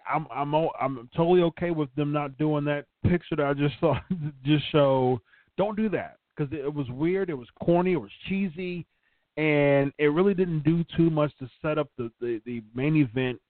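A man's voice: on the high side, moderate pace, no echo. A male podcast host giving opinionated, casual commentary and answering a live chat, who often repeats words and restarts sentences. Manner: opinionated, conversational. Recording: tinny phone-like line, dry.

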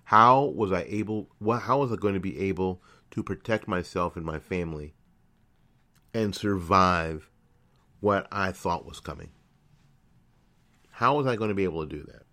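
A man's voice: sits low, normal speed, pauses often, sharp tone. A middle-aged man hosting his own internet radio show, telling a personal story in a casual monologue, repeating phrases and correcting himself as he goes. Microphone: studio microphone.

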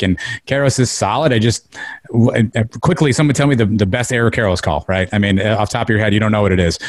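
A man's voice: on the low side, dry recording. A man giving opinionated casual sports talk as a podcast panelist, with many restarts.

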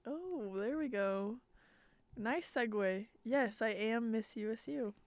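A young woman talks casually and rambles with lots of fillers, often breaking into giggles. Her voice is smooth and clear, recorded close and dry. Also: on the high side, slow pace, a little mellow, no echo. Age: young adult. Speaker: podcast guest. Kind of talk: casual chat.

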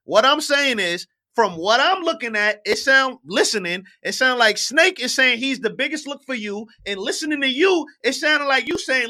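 A man hosting a face-off between two rappers, cutting in over and over to calm them down. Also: extremely high pitch, normal speed, few pauses. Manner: keeps cutting in to calm things down. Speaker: host moderating the face-off. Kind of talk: moderating a heated argument.

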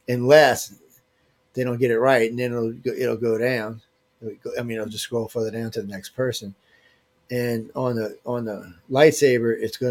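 A medium-pitched man with a darkish tone reads viewer emails aloud on a casual livestream giveaway. He teases the senders using loose slang.

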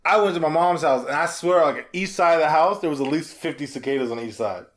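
A young man co-hosting a casual chat, telling animated stories with swearing and acted-out quotes. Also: a little high, fast talker. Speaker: podcast co-host.

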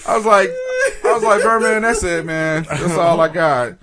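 A man's voice: high voice, moderate pace, background noise. A man co-hosting a podcast, telling a funny story in casual chat and quoting others as he goes. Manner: animated storyteller, quoting people with laughs. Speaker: podcast co-host.

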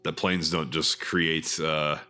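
A man from Texas co-hosting a comedy podcast, talking in a wry, deliberate, profane way. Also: extremely low pitch, flat delivery, pushed and bright. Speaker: podcast co-host. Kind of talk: casual comedy chat.

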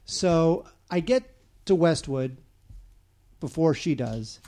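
High-voiced man telling a story. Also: slow pace. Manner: animated storyteller, stammers and restarts. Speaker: film critic co-host. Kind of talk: casual anecdote chat.

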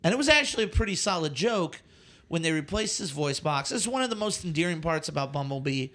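A man co-hosting a casual movie podcast, ranting with animated exasperation and frequent swearing. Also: fairly high pitch, fast. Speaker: podcast co-host.

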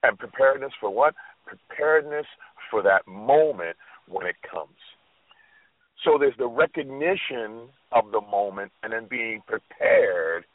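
A man's voice: mid-range voice, expressive, unhurried, dry recording. A man co-hosting a motivational talk show, telling a story in an earnest, thoughtful way with frequent restarts, heard over a tinny phone line.

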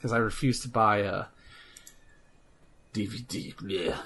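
Excitable bright-voiced man. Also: fairly low pitch, measured pace, husky. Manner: excitable, swears casually. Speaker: podcast co-host. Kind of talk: casual chat.

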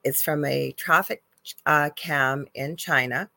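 A woman's voice: sits low, takes it slowly, vocal fry, sharp tone, no echo. A woman co-hosting a live talk show, telling a story with strong emotion and animation. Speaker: co-host. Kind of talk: live call-in chat.

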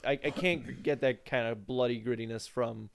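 A man co-hosting a casual podcast about fighting games, animated and sarcastic, swearing freely. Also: mid-range voice, normal speed, creaky, no room sound. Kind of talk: casual gaming chat.

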